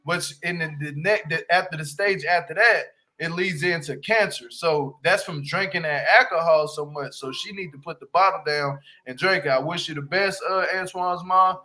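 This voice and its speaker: A man hosting a casual livestream review of a reality show, animated and slangy, laughing and talking straight to his viewers. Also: on the high side, moderate pace, rough recording. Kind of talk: casual commentary.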